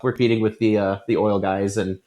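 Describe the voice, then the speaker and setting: A man in his thirties speaks with a somewhat low voice in a casual interview. He tells stories in an animated way and breaks into laughter often. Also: a little fast. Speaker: guest novelist and musician.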